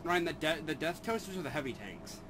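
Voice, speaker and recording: A man's voice: fairly high pitch, sing-song, brisk, a bit bright, a little hiss or hum, rough recording. A man playing a shooter with a friend, explaining the game bluntly and swearing casually. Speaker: gamer. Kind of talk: casual gaming banter.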